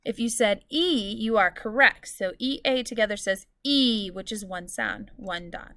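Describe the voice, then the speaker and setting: A woman teacher giving a recorded lesson to students, explaining clearly and patiently and drawing out example words. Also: mid-range voice, a little slow, bright, forceful tone, no echo.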